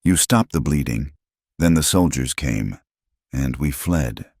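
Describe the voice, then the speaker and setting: A man voicing a proud Apache warrior who speaks in a grave, measured way. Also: extremely low pitch, lively intonation, creaky, a little mellow, no echo, studio quality, full character voice. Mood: solemn.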